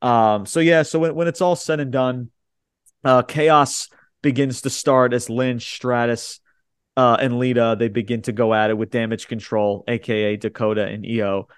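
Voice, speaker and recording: On a wrestling review podcast, this man goes over the show bluntly, cursing without hesitation in a casual way. His middle-pitched voice keeps a steady, clean tone at a moderate pace, captured dry and close with no room sound.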